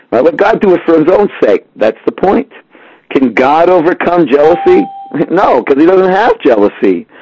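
A man's voice: a little high, breathy edge, no room sound. A man teaching a religious class, answering a listener's question and bringing his points to life with little acted-out stories. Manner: animated storyteller who acts out little scenes. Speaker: Torah teacher. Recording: dull lo-fi dry sound.

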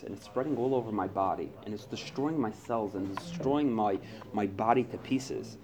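A man speaking to a recovery group, animated, acting out his own inner voice and past phone calls. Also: fairly low pitch, slow.

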